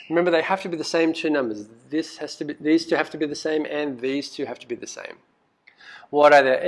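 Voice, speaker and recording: A male math teacher walking through a recorded lesson, asking lots of questions, coaxing students and muttering asides as he thinks aloud. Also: a little high. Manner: lively, asks questions and coaxes students.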